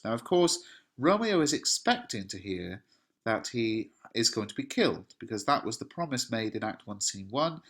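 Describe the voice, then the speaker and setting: A male English teacher explains a play line by line. He talks plainly and conversationally in a middle-pitched voice, and scatters fillers through his explanations. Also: big pitch swings, moderate pace, a bit bright. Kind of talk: explaining a play in a revision lesson.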